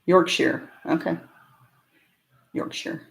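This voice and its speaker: A woman from California with a slight rural twang, hosting a casual live-stream Q&A and answering chat in a chatty, upbeat way with frequent laughs. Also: slow. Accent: slight rural American twang. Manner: chatty and upbeat, laughs often between remarks. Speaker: homesteading channel host.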